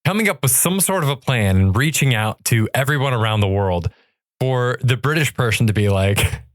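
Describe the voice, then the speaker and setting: A man's voice: medium pitch, expressive, moderate pace, no echo, clean studio sound. A man co-hosting a podcast, riffing in a wry, sarcastic tone. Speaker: podcast co-host. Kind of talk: casual comedic chat.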